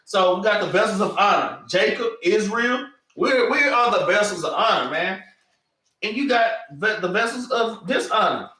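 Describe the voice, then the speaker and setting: A man preaches in a loose, animated classroom manner. His voice sits a little high and rings bright and forceful. The mic is set far off in an echoey room. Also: moderate pace. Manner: animated, street-casual, keeps saying "man". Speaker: class teacher.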